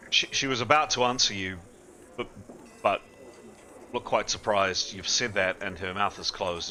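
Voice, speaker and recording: Bright-voiced man narrating a game. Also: lowish voice, a little hiss or hum. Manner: descriptive, slightly halting narration. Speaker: game master.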